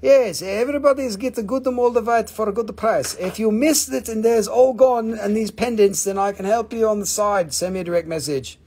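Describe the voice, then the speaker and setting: Male live-sale host: high, husky voice, jokey, rattles off names and prices. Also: normal speed, few pauses, a little mellow. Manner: joking, chatty, calls out buyers' names and prices. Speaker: host selling crystals on a live stream. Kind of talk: live sales stream chat.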